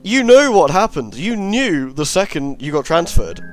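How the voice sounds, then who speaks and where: A man's voice: on the high side, very animated, normal speed, soft background music. A man hosting a let's play, rambling and sarcastic as he comments on the game. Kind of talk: gameplay commentary.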